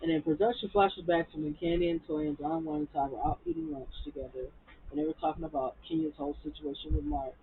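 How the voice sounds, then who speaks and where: A woman recapping a reality TV episode in a casual, animated and profane way, getting heated as she talks. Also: deep voice, fast talker, husky. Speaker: TV recap vlogger. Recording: phone-like lo-fi audio.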